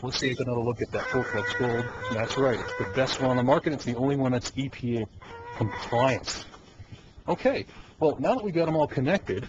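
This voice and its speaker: Man coaching through a lo-fi camcorder. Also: medium pitch. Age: adult. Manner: easygoing, coaching, chuckles often. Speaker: conversion kit installer. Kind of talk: hands-on how-to demonstration. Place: beside a car engine. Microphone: camcorder microphone. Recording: dull lo-fi camcorder audio with steady noise.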